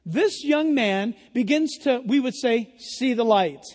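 A man pastor preaching an impassioned sermon, often yelling and emphatic. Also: very high voice, lively intonation, measured pace, long reverb tail.

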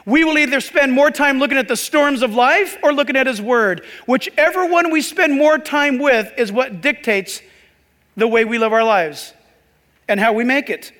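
A man's voice: very high-pitched, moderate pace, a bit bright. A man preaching a sermon in a conversational way, with joking asides to the congregation. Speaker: pastor. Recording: long hall reverb.

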